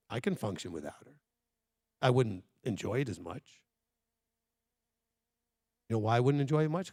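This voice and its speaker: A man's voice: medium pitch, gravelly, husky, no room sound, studio quality. A man leading a congregation as its rabbi, teaching in a conversational and emphatic way, speaking straight to the listeners.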